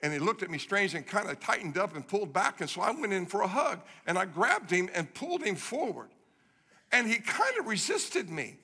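A middle-aged guest preacher delivers a sermon, telling stories with great animation and repeating phrases for emphasis. His voice sits high and moves fairly quickly, bright and forceful with a slight roughness. The recording carries the long reverb of a large hall.

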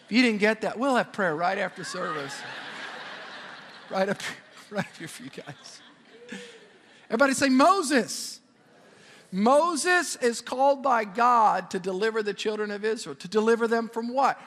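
A man preaching a sermon as a pastor, telling the story in an animated way and slipping in jokes. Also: high voice, long reverb tail.

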